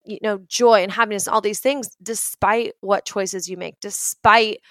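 A woman voicing a father who welcomes his wayward son home, speaking in a warm, reassuring, conversational way. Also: medium pitch, steady tone, unhurried, dry recording, studio quality, natural voice.

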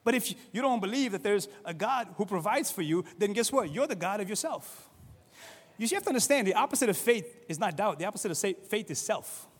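High-voiced pastor preaching in a hall. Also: male voice, a little fast, husky. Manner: conversational, animated, acts out quoted voices. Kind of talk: sermon.

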